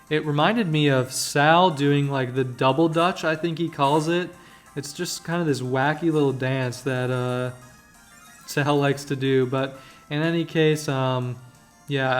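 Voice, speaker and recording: A man hosting a let's-play, giving joking, rambling commentary over the game. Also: medium pitch. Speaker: gaming channel host.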